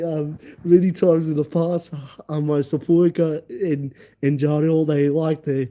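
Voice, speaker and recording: A man's voice: a little high, steady tone, moderate pace, mellow. Rambling man on a livestream. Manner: rambling, repeats and restarts phrases. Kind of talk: casual storytelling. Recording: dull lo-fi audio.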